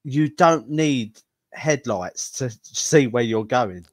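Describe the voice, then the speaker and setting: A man's voice: medium pitch, animated, slow pace, no room sound. An Englishman co-hosting a podcast in a laid-back, jokey way, laughing often. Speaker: podcast co-host. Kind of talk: casual comedic chat.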